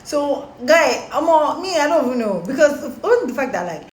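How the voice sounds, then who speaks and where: A young woman telling a story casually to her followers, animated and slangy. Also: high voice, normal speed, slight background noise. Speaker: storytime vlogger. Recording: roomy echo, faint background.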